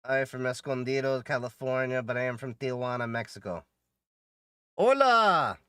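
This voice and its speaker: A man's voice: medium pitch, little pitch movement, fast talker, clear, resonant tone, no room sound, clean studio sound. A man streaming a game live, chatting casually with viewers in a joking, talkative way. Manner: joking, chatty, answers viewers and laughs often. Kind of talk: casual live-stream chat while gaming.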